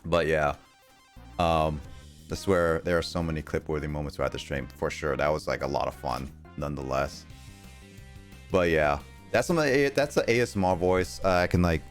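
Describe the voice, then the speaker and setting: A man's voice: extremely low pitch, moderate pace, over music. A young man streaming a game, chatting casually with viewers in a rambling way and laughing often. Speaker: gaming livestreamer. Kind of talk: casual livestream chat with viewers.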